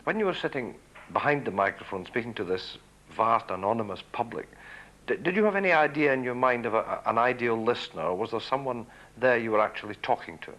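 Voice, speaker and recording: A man's voice: medium pitch, animated, brisk, fairly bright tone, poor audio. A male interviewer asking polite, admiring questions.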